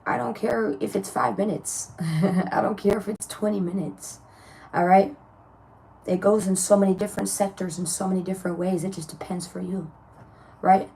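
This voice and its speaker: Blunt, chatty woman with a mellow voice. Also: mid-range voice, creaky. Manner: chatty, blunt, animated, laughs often, swears freely. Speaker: tarot reader. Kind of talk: casual spoken tarot reading to viewers.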